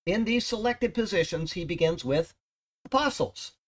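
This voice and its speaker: A man's voice: high-pitched, animated, moderate pace. A man teaching a Bible study verse by verse in an emphatic, conversational way, often checking in with "okay?".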